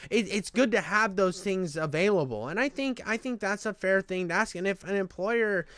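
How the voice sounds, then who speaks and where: Male channel host, casual ranter, swears, restarts often; smooth tone, dry close sound. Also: sits high, normal speed, fairly bright tone, dry recording. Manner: profane, rambling, restarts a lot. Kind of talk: casual ranting monologue.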